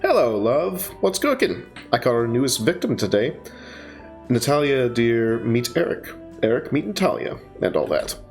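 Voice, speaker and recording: A man voicing a lively teen schoolmate who talks in breezy, teasing banter. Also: mid-range voice, moderate pace, vocal fry, faint music behind.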